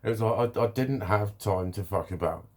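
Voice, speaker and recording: A man talking to camera in a rambling, profane, animated way. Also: fairly low pitch, moderate pace. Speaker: vlogger. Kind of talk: casual monologue to camera.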